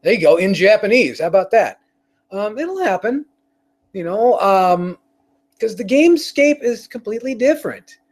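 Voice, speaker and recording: Brief: male show host, higher-pitched voice, loose profane rambling rant delivery. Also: very animated, normal speed. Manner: profane, rambling, with frequent restarts. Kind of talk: casual rant on a live stream.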